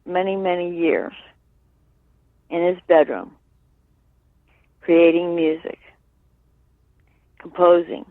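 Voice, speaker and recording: A woman's voice: lowish voice, steady tone, no room sound. Woman talking over a tinny phone line. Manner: earnest, halting with many fillers, tag questions. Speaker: guest, sister of a late musician. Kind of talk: candid interview over the phone.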